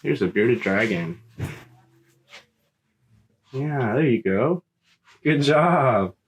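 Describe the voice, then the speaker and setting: A parent using gentle, coaxing baby talk to a small child, repeating words slowly and reassuring the child. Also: medium pitch, animated, a little hiss or hum. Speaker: parent showing animals to a toddler.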